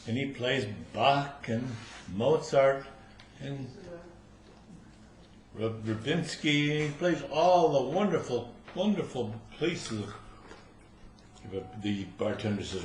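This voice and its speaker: A man's voice: medium pitch, lively intonation, slow, long pauses. An older man telling jokes to a live club crowd, chuckling at his own punchlines. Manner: storytelling, laughing at own punchlines. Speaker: amateur joke teller. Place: room at a social club after bridge. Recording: roomy room with faint noise.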